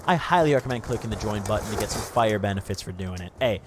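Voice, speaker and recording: A man's voice: on the low side, expressive, fast talker, background noise. A young man hosting a gaming channel, telling a profane, rambling story over gameplay and saying "dude" constantly. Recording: gunfire from gameplay behind voice. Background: game gunfire and vehicles.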